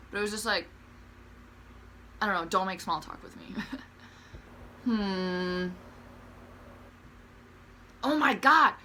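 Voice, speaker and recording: A young woman with a bright, sharp-edged voice tells stories to camera in loose, rambling, profane chat, with "like" in nearly every phrase. She talks at a middle pitch in a casual, offhand way and calls herself awkward. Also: slight background noise. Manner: profane, rambling, heavy use of "like"; self-described awkward. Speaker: vlogger.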